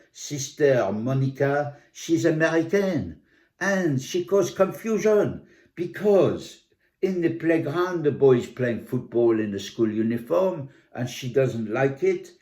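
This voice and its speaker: A man voicing an excitable middle-aged Frenchwoman who talks with a heavy French accent and broken English word order, animated and indignant, slipping French fillers in. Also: on the high side, takes it slowly, pitched above the performer's own voice. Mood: bemused.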